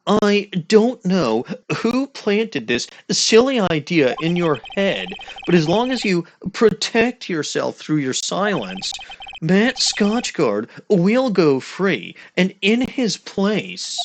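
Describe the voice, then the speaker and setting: A man voicing an impassioned young male defense attorney, dramatic and drawn-out, pressing a witness. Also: sits high, sing-song, a little hiss or hum, voice pushed up, exaggerated voice.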